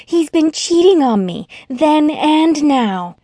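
A woman narrator voicing a stylish, dramatic young woman in a soft, sweet, slightly higher voice. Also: lively intonation, normal speed, no echo, studio quality. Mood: upset.

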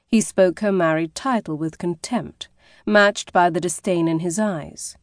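A woman reading a romance novel aloud as an audiobook narrator, in a measured, expressive way. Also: on the low side, dry recording, studio quality. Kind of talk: scripted narration.

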